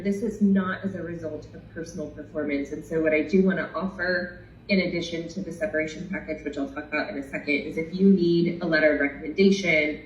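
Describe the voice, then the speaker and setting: A woman's voice: deep voice, roomy sound, lo-fi sound, a little hiss or hum. A woman manager losing her voice, explaining terms on a formal call in a businesslike way with many ums.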